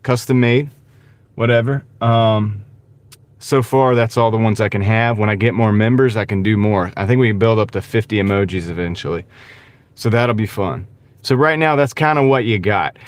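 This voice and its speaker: A man hosting a casual live stream, talking in a halting, rambling way with many fillers and greeting viewers by name. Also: mid-range voice, smooth, no echo. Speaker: gig-driving livestream host. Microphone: wireless clip-on mic.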